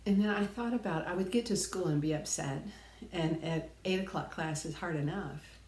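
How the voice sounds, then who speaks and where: A woman's voice: lowish voice, normal speed, darkish tone, roomy sound. A middle-aged woman giving an earnest, reflective personal talk, sharing life lessons and pressing her points with emphatic repetition.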